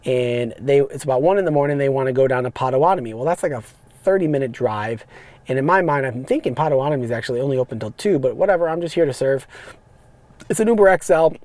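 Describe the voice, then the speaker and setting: A man, hosting a podcast and telling rambling, animated stories about his rideshare driving. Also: mid-range voice, fast, dry recording. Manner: animated, rambling, frequent restarts and fillers. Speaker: podcast host, rideshare driver. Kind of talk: casual storytelling monologue. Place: parked car.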